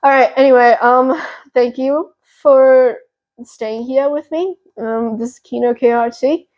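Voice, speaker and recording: A young woman hosting a pick-a-card tarot reading, talking gently and reassuringly with a therapeutic tone and many fillers. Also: sits high, steady tone, measured pace, highs cut off. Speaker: tarot reader and channel host.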